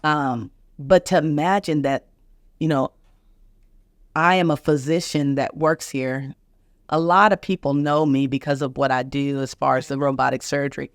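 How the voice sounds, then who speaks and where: A middle-aged woman physician hosts a podcast, speaking at normal speed in a deep voice with fairly even intonation. Earnest and emotional, she gives a vivid, emphatic retelling of a personal story and performs each other person's voice. The recording has studio quality and no room sound.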